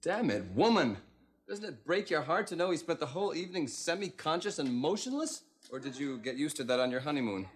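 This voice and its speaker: A man plays a wild, impulsive joker who lurches from mockery to bluster. His voice is a little high and swings widely. A loud hiss sits under the recording. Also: expressive, brisk, natural voice. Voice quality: manic, jokey. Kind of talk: 1990s sitcom acting. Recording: loud hiss, studio audience laughter.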